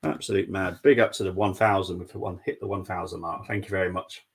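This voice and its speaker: A young man with a low, gravelly, husky voice, chatting loosely through a live football watchalong. He reads out viewer messages and laughs often as he goes. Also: steady tone, quick pace. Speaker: watchalong stream host.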